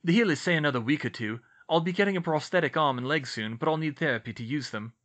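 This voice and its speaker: A man's voice: on the high side, animated, fast talker, fairly bright tone. A man voicing a weary, injured but friendly young man in an audiobook reading.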